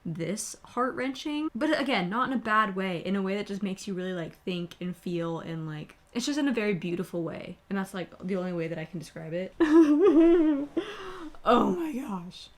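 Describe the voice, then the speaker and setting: A woman's voice: on the low side, brisk, few pauses. A woman book vlogger in casual chat, rambling and emotional, leaning heavily on filler words. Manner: rambling, emotional, heavy use of "like".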